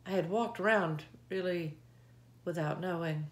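A woman shares a reflective devotional, reading scripture between her own thoughts. She speaks very slowly and earnestly, in a fairly low voice, often halting and restarting mid-sentence. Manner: earnest, heartfelt, halting with pauses.

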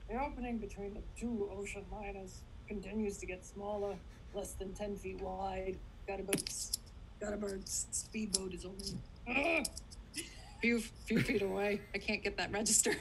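Give me a woman reading stage directions at a table read, hesitant and tripping over the words. Her speech is slow and careful. A noisy, hissing video call line sits under her voice. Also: medium pitch, fairly even intonation. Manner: hesitant, stumbles over the lines.

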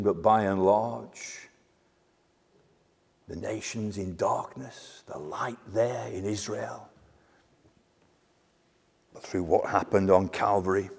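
A man preaching a sermon, emphatic and full of dramatic pauses and asides. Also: lowish voice, creaky, darkish tone. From half Greek heritage. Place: church. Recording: long church reverb.

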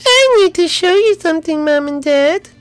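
A man voicing a newborn baby boy who can already talk, speaking slowly and deliberately in a comic game role-play. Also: extremely high pitch, expressive, no echo, soft background music, voice pushed up. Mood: eerie calm. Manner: slow, deliberate.

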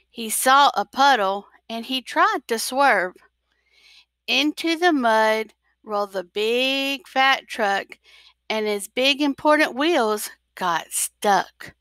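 A woman, a teacher, reading a picture book aloud to children, slowly and expressively with whispered asides. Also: on the high side, a bit bright, clear, resonant tone, no room sound.

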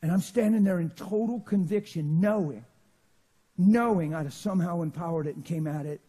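Husky high-voiced preacher man. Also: moderate pace. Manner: storytelling with sudden loud and hushed swings. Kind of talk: sermon. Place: church.

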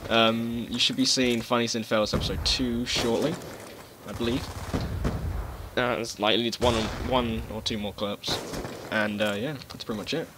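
A man giving casual live commentary over his gameplay, rambling, swearing and breaking into loud outbursts. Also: mid-range voice, fairly even intonation, moderate pace. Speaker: gaming commentator. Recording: game gunfire noise behind voice. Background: gunfire and explosions from the game.

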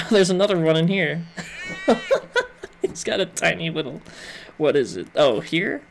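A man's voice: fairly high pitch, wildly swooping pitch, a little slow, gravelly, long pauses, a little hiss or hum. A young man giving playful, joking let's-play commentary as he works through a game. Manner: playful, jokey, chatty with game characters. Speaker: gaming video host.

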